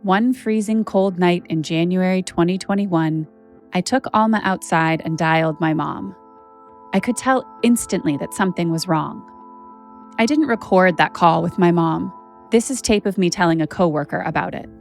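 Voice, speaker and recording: Low-voiced woman narrating a personal podcast. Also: normal speed, faint music behind. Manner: candid, conversational storytelling with casual fillers. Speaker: journalist and podcast host.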